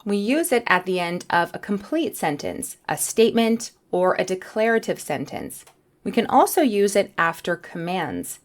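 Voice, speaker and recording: A woman teaching a beginner English lesson, speaking in a clear, careful way. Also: mid-range voice.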